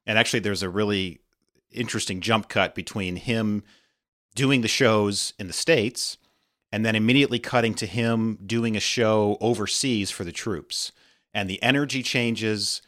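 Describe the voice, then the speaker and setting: Low-voiced agreeable male podcast guest. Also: moderate pace, a bit bright. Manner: agreeable, describes scenes in detail. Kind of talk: conversational podcast discussion.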